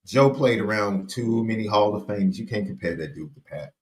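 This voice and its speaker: A man co-hosting a podcast, reacting in an animated, slangy way during casual sports talk. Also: fairly low pitch, normal speed. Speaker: podcast co-host.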